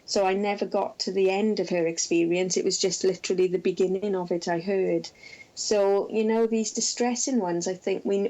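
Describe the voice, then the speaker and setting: A middle-aged woman, a researcher and former intensive care nurse, recounting case stories in an interview with gentle, measured storytelling and frequent fillers. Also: medium pitch, rough recording.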